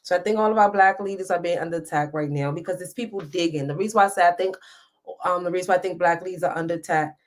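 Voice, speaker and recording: A woman, hosting a live stream and talking to her viewers in an impassioned, preachy way, close to tears. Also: on the low side. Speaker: host reading live comments. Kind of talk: emotional live-stream commentary.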